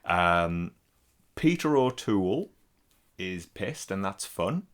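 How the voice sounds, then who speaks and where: A man's voice: low voice, sing-song, slow. A man, co-hosting a podcast in casual, rambling chat full of swearing. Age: 40s. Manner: sweary, rambling, laughs a lot. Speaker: podcast co-host.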